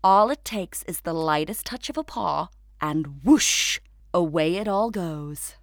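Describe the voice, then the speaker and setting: A woman voicing a tidy, fussy woman painter who speaks briskly. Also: fairly low pitch, animated, no echo, clean studio sound.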